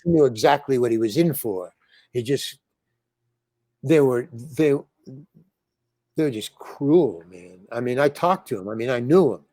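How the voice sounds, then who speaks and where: A man's voice: medium pitch, expressive, a little slow, long pauses, warm tone, no echo, studio quality. An older man, a comedian and actor, telling rambling stories with many restarts and acting out the lines he quotes. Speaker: comedian and actor, interview guest. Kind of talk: rambling storytelling in conversation.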